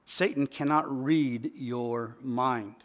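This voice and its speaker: A man's voice: medium pitch, takes it slowly. Guy preaching a sermon, chatty then punchy with repeated lines, big echoey hall. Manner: conversational preaching, rising to emphatic repetition. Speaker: pastor.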